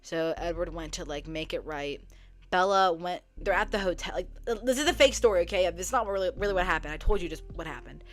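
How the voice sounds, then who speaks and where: Young woman, casual book vlogger, animated and profane, quick asides, soft music behind. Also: lowish voice, no room sound. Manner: animated, swearing, acts out characters' lines. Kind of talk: casual retelling of a story. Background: soft background music.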